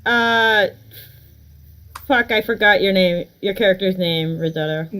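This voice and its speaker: A woman game master runs a tabletop role-playing session, narrating and chatting casually. She talks slowly, filling gaps with small pauses. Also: medium pitch, a bit bright, clean tone, low-quality recording. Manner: unhurried, casual, with fillers.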